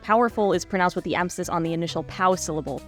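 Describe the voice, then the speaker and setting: A woman's voice: lowish voice, fairly even intonation, very fast, soft background music. A woman narrating a scripted video essay in a wry, analytical manner.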